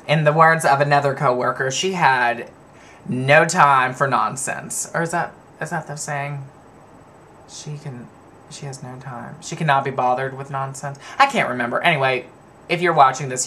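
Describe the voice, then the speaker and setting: A man's voice: mid-range voice, steady tone, fairly quick, pushed and bright, a little hiss or hum. Candid rambling man telling stories. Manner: candid, rambling, laughs at himself. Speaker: vlogger. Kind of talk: personal storytelling to camera.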